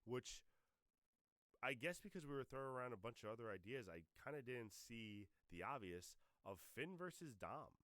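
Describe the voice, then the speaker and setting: A man's voice: mid-range voice, expressive, moderate pace, fairly bright tone, dry recording. A man co-hosting a livestreamed wrestling talk show, giving blunt, opinionated takes in casual chat. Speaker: podcast co-host.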